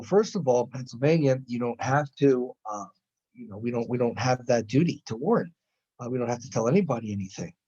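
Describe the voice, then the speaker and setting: Male lecturer, husky voice, storytelling style with quoted dialogue; muffled lo-fi recording. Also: mid-range voice. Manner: animated retelling with quoted dialogue.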